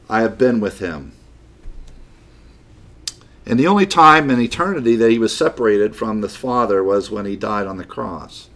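A man's voice: on the low side, lively intonation, normal speed, pauses often, fairly bright tone. A man teaching a Bible class, explaining Greek words and repeating key phrases for emphasis.

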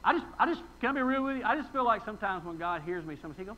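A man's voice: sits high, expressive, racing, few pauses, fairly bright tone, rough recording. A pastor preaching a sermon in a folksy, emphatic way, reading scripture and asking his congregation rhetorical questions.

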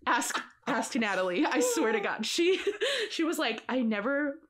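Animated, laughing woman podcast co-host. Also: high voice, crowd noise. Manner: expressive, emphatic, quick to laugh. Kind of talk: casual chat.

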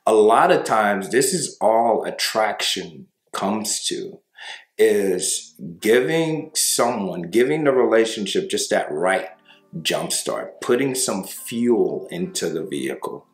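A man's voice: fairly low pitch, lively intonation, slow. A man, a breakup coach, talking casually to viewers and acting out little dialogues, often tagging his lines with "right?" and "you know". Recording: roomy sound with faint music.

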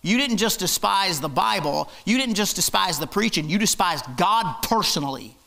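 A man's voice: sits high, expressive, moderate pace, gravelly, bright, forceful tone. A man preaching a fiery, emphatic sermon in church, hammering his points with repetition. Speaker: pastor.

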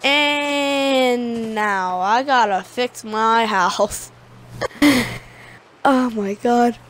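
A woman giving casual, excitable gameplay commentary, retelling the action by quoting herself. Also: fairly high pitch, drawn-out words. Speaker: gaming video creator. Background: music.

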